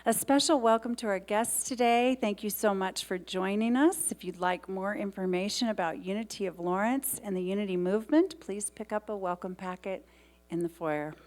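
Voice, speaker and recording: A woman's voice: medium pitch, moderate pace, a little mellow. A woman giving the announcements in a church service, talking in a chatty, rambling way. She is openly grateful and gets emotional as she speaks to the congregation. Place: church sanctuary.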